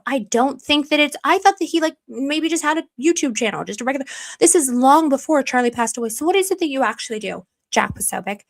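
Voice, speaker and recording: A woman's voice: high voice, animated, brisk. A woman giving heated casual livestream commentary, repeating rhetorical questions and reading viewers' chat aloud. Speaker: political commentary streamer.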